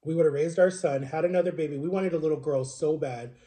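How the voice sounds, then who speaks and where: A man's voice: fairly high pitch, quick pace, warm tone. Earnest, emotional man telling his story. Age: 30s. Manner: earnest, rambling, often asks "right?". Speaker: vlogger. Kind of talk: personal storytelling to camera.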